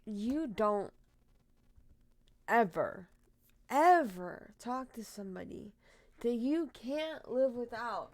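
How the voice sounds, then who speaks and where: A woman's voice: fairly high pitch, no room sound. A young woman retelling a true crime case, emotional and outspoken, swearing freely as she reacts.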